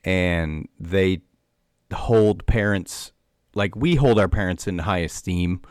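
Deep male guest, dry close-miked, keen explainer full of fillers. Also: slow pace, darkish tone, clear, resonant tone, no room sound. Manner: enthusiastic explainer, many fillers like "um" and "like". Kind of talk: casual conversation.

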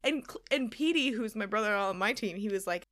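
A young woman co-hosting a podcast, telling a story in casual chat and acting out the quotes with loud, animated energy. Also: mid-range voice, fairly quick. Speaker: podcast co-host.

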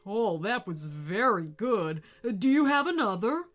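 Woman voicing a booming greedy dragon. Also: sing-song, soft background music. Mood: pleased. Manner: booming, slow and loud. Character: greedy male dragon, booming and easily tempted. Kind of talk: storybook reading.

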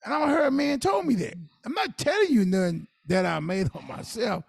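Gravelly-voiced man giving blunt advice. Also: very high voice, animated, fairly quick, dry recording, studio quality. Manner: earnest, preachy advice with Southern Black vernacular. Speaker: podcast co-host. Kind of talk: casual podcast talk.

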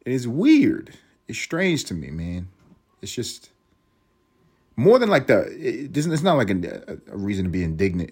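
A man in his thirties from East Harlem with a New York accent, hosting a solo podcast in a profane, rambling way and laughing at his own jokes. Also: fairly low pitch. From East Harlem, New York City. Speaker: podcast host.

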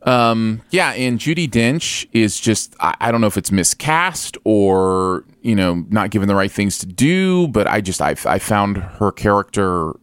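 A man's voice: fairly low pitch, big pitch swings, unhurried, few pauses, clean tone, no room sound. A man co-hosting a podcast, chatting casually about a movie with wry, hesitant restarts. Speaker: podcast co-host. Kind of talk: casual movie review chat.

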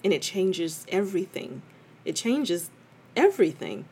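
A woman's voice: fairly low pitch, sing-song, a little slow, darkish tone, a little hiss or hum. A woman hosting a podcast, talking candidly and reflectively in a chatty way, with many fillers and restarts. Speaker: podcast host. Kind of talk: casual reflective monologue.

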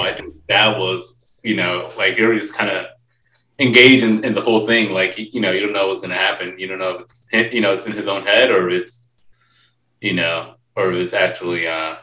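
Deep-voiced man talking fast, roomy. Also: far from the mic. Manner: excitable storytelling, repeats words. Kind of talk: casual interview chat.

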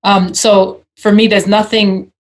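A woman guest with an African accent, speaking thoughtfully with pauses. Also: medium pitch, flat delivery. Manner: thoughtful, hesitant with fillers and laughs. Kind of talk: casual conversation.

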